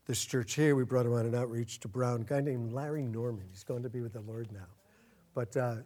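A man preaching a sermon as a pastor, earnest, getting louder and slowing down to stress his points. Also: mid-range voice. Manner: earnest, swells louder and slows down for emphasis.

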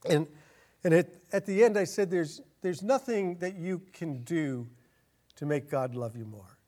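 A man preaching a sermon as a pastor, earnest, getting louder and slowing down to stress his points. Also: on the high side. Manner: earnest, swells louder and slows down for emphasis.

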